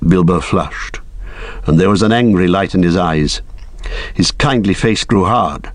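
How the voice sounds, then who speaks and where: A man narrating an audiobook in a plain, unhurried storytelling manner. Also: sits low, no room sound.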